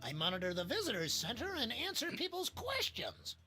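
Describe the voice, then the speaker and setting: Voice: mid-range voice, wildly swooping pitch, brisk, sharp tone. A performer voicing a serene, preachy docent of a new-age cult in a video game. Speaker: game character.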